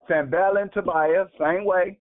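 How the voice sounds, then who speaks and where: A man's voice: sits high, steady tone, moderate pace. A man hosting a prayer line, preaching emphatically and repeating "and guess what" to build his point. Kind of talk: preaching on a phone call. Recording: tinny phone line.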